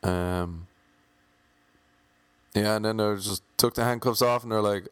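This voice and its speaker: A man's voice: on the low side, unhurried, long pauses, clear, resonant tone, no echo. A man telling a comic anecdote, acting out the voices of the people in it and swearing casually. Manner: lively, acts out the voices in his story; swears casually, self-mocking. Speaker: storyteller.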